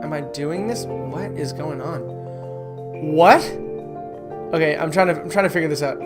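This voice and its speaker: A gaming creator playing a story game, reading its text aloud with stumbles and self-corrections and breaking into excited squeals. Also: mid-range voice, normal speed. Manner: chatty, trips over words while reading and corrects itself; swings to excited squeals when delighted. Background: game music.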